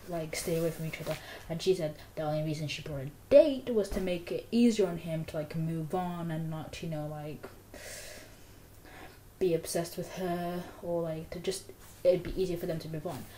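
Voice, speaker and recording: Young woman, mellow lowish voice, rambly book-vlog chat, echoey room. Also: moderate pace, slight background noise. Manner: rambling, full of "like" fillers. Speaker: book vlogger. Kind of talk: casual book review chat.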